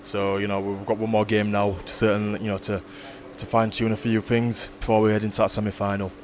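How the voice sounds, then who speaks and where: A man talking about his team's next games in an interview, halting with many fillers and restarts. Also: on the low side, flat delivery, a little mellow, slight background noise. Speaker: rugby league player or coach interviewed. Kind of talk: post-match style interview.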